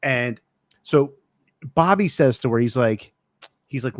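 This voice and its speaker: A man's voice: mid-range voice, moderate pace, no echo, studio quality. A man on a podcast as a guest, telling rambling, profane stories in casual chat. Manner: rambling storyteller, swears freely.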